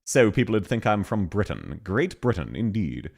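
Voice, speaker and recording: A man's voice: lowish voice, big pitch swings. A man from Australia with an Australian accent doing blunt, laugh-filled reaction commentary on his stream. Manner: blunt, laughing, quick asides.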